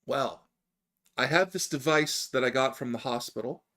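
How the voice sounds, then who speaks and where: A man voicing a stern, suspicious woman library patron, flat and matter-of-fact. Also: medium pitch, moderate pace, voice pushed down. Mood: deadpan.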